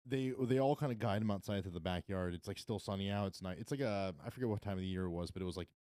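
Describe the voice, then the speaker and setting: A man's voice: on the low side, fast talker, warm tone, dry recording, clean studio sound. A man telling a story in a casual podcast chat, rambling and restarting his sentences.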